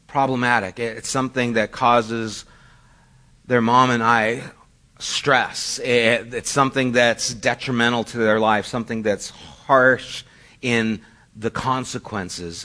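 This is a man's voice of medium pitch with a sharp tone. He's a middle-aged pastor whose sermon unfolds as a conversational story, with frequent jokes at his own expense.

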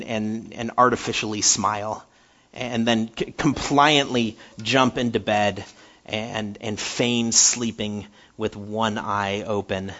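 A male preacher delivers a sermon in a husky, slightly breathy voice, stumbling over repeated words as he builds up and then sinks to a hush. The recording sounds dull and lo-fi. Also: fairly low pitch.

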